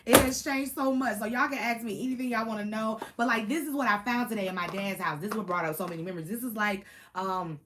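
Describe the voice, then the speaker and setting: A woman, chatting casually to camera about her Marine days, animated and full of slang and laughter. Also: medium pitch, fast, few pauses, slight background noise. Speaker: Marine veteran vlogger.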